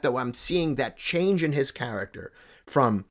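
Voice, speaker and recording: A man co-hosting a casual film chat, talking in an animated way with many stammered restarts. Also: unhurried. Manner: animated, stammering restarts, excitable pitch jumps. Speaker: podcast co-host.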